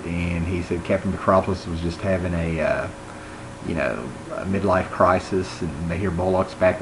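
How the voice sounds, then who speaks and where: A man's voice: deep voice, slight background noise, rough recording. A man giving a casual, rambling comic book review and retelling scenes with quoted lines.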